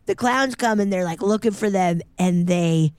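Animated woman podcaster, dry close mic. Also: moderate pace, clean tone, dry recording. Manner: animated, acts out characters in high exaggerated voices. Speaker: podcast co-host. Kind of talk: casual chat recapping a movie.

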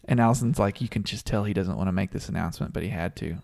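A man's voice: mid-range voice, quick pace, vocal fry, hardly any pauses, a little mellow. A man co-hosting a podcast, chatting casually and telling a story with frequent laughs. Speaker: podcast co-host. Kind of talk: casual sports chat.

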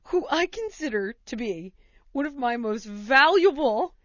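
A fairly high-voiced woman tells a story in a loose, rambling chat, leaning on "like" and "you know" and laughing along the way. The sound is dull and lo-fi, dry and close with no room echo. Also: animated, unhurried.

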